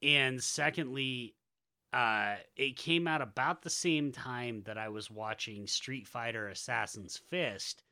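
A man's voice: medium pitch, takes it slowly, bright, forceful tone. An American man co-hosting a casual film podcast, talking with enthusiasm and sarcastic asides. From Utah, USA. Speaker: podcast co-host. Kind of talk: casual chat.

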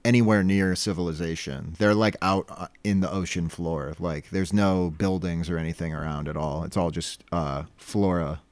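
A man co-hosting a casual podcast, recapping a cartoon episode in a chatty, analytical way that hedges as he goes. His voice sits low, and the recording is close and dry. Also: steady tone, moderate pace, few pauses, dry recording. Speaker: podcast co-host.

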